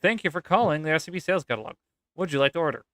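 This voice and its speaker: A man's voice: a little high, normal speed, smooth, dry recording, studio quality. A man putting on a bored young sales operator woman. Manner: flat bored monotone, curt.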